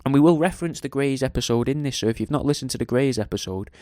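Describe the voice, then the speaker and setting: A man's voice: medium pitch, fast talker, dark tone, no echo, clean studio sound. A man hosting a podcast, talking casually in a rambling, jokey, sweary way. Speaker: podcast host. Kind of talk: casual monologue.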